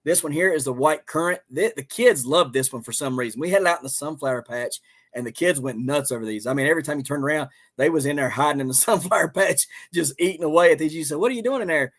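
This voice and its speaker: A man's voice: fairly high pitch, fast, fairly bright tone. A man with a Southern accent hosting a homestead livestream, chatting casually in a rambling, folksy way with plenty of ums and uhs. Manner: rambling, folksy, many fillers.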